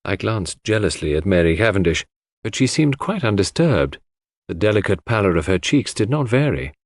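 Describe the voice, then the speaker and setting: A man reading a classic mystery aloud in measured, expressive narration. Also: fairly low pitch, no room sound, clean studio sound. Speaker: audiobook narrator.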